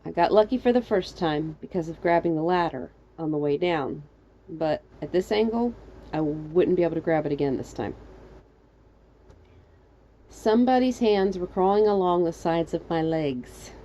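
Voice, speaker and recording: A woman narrating her own comedic fan fiction story in a wry, animated way. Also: normal speed, muffled recording, slight background noise. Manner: wry, animated, jumping high for quoted lines.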